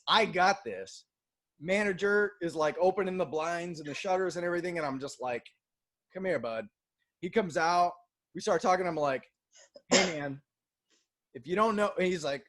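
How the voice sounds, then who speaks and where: Animated high-voiced man telling a story. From Boston. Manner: animated storyteller, acts out voices, swears casually. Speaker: co-host. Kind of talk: casual storytelling chat.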